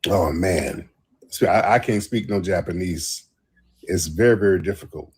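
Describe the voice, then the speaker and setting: A man's voice: low voice, normal speed, husky. A man hosting a casual livestream chat, telling rambling, profanity-laced stories. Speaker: host.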